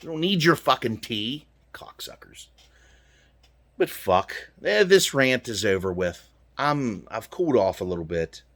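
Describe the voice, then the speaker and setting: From the cab of his truck, a US man delivers a profane, furious rant to his viewers in a mid-range, slightly bright voice. He speaks at normal speed with lively intonation, keeping it heated and punchy.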